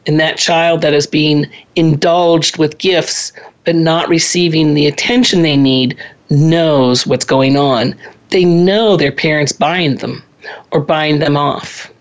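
This lo-fi recording features a deep-voiced woman in her 60s who speaks slowly in a steady tone. Hosting a parenting talk, she lectures conversationally, drifting into personal anecdotes and chatty asides and laughing at herself.

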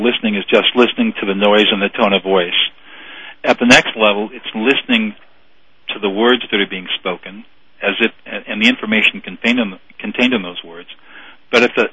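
A man's voice: lowish voice, bright, forceful tone, breathy edge, no room sound, muffled recording. A man guest on a radio show, earnestly explaining conflict mediation in a phone interview, often repeating words.

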